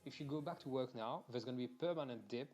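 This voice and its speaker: Young man, casual streamer rant, swears, restarts sentences, mid pitch, faint music behind. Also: fast talker, a little mellow. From Mauritius. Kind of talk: casual ranting during a game stream.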